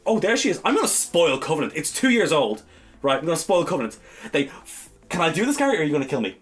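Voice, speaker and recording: A man's voice: on the high side, sing-song, fast, faint music behind. A man co-hosting a podcast, ranting in heated, exasperated bursts and swearing freely. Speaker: podcast co-host. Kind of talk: ranting casual chat.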